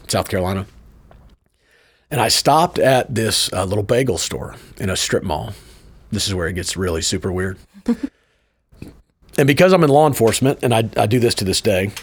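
A middle-aged pastor in an interview, telling a personal story in a lively way, often asking "right?" and breaking into short laughs. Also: male voice, fairly low pitch. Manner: animated storyteller, tags points with "right?"; laughs between lines.

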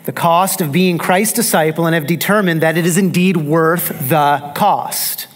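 A man's voice: a little high, measured pace. A man. He drives his points home by repeating key phrases and asking the congregation rhetorical questions. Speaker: pastor. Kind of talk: sermon.

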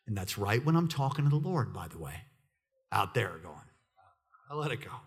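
A middle-aged male pastor tells a personal story as a sermon, animatedly acting out the voices of the people in it. He swings from loud excitement down to a hushed near-whisper. His voice is on the low side and slightly rough, at a moderate pace.

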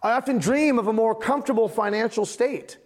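A man's voice: extremely high pitch, fairly quick. A man in his thirties preaching a sermon as a pastor, casual and joking with his congregation.

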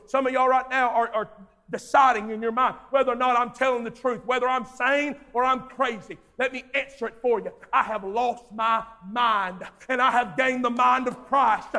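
A man preaching a sermon, repeating phrases for emphasis and swinging between soft, intimate prayer and shouted exhortation. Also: very high voice, steady tone, moderate pace, long reverb tail, a faint crowd.

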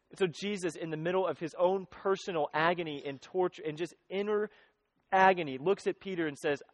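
High-voiced man preaching conversationally. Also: a little fast, no room sound. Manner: conversational, earnest, with many restarts. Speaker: pastor. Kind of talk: sermon.

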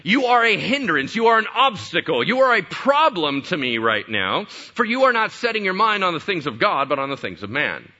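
A man's voice: mid-range voice, very animated, fast, hardly any pauses, pushed and bright, long reverb tail, highs cut off, heavily acted. A man acting out a stern male teacher sharply rebuking one of his followers.

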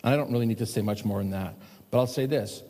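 A man preaching a sermon to a congregation, animated, swinging between loud emphatic lines and hushed, slow ones. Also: fairly low pitch. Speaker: pastor. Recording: long hall reverb.

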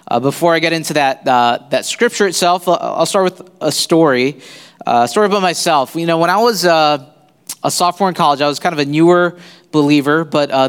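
Halting man preaching in a reverberant church. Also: a little high, clear, resonant tone. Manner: halting, many fillers and restarts. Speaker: guest pastor. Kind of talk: sermon. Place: church sanctuary.

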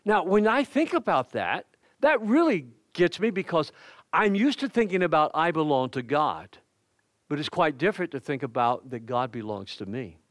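A man's voice: on the high side, very animated, normal speed, no room sound, clean studio sound. An older man preaching a sermon as pastor, folksy and conversational, with personal asides and light humor. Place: church.

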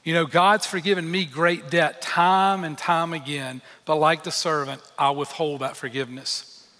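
A male pastor delivers a sermon in an earnest, emphatic way, breaking off for candid personal asides. His voice sits a little high and has a bright, forceful edge. The sound carries a long reverb, as in a church sanctuary. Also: fairly even intonation, moderate pace.

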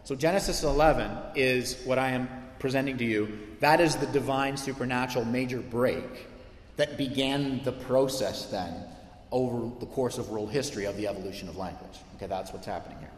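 A man preaching a sermon as pastor, animated and conversational, with frequent asides to his listeners. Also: mid-range voice, brisk. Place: church sanctuary. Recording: echoey church hall.

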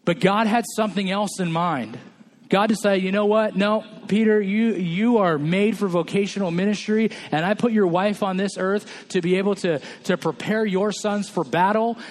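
A man's voice: sits high, moderate pace. A male pastor from California preaching a sermon, telling a personal story with quoted dialogue.

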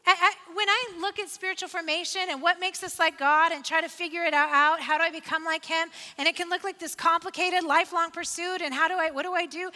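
A woman's voice: extremely high pitch, steady tone, a little fast, few pauses, sharp tone, long reverb tail. A woman pastor preaching a sermon, conversational and personal, building to emphatic repeated refrains.

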